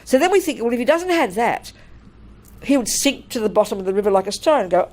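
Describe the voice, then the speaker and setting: An older woman, a Buddhist nun, giving a dharma talk in a blunt, animated way and laughing through her stories. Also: a little high, fast talker.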